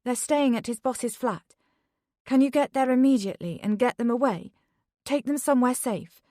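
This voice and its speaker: A woman's voice: on the high side, normal speed, warm tone, no echo, studio quality, pitched above the performer's own voice, lightly acted. Woman doing a frantic, pleading mother. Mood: urgent. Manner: urgent, pleading. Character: frantic young mother on the run.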